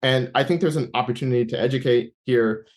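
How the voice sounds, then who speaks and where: A young man giving an interview, telling a personal faith story in a casual, halting way full of fillers, restarts and acted-out inner dialogue. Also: mid-range voice. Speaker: interview guest. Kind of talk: personal testimony in casual conversation.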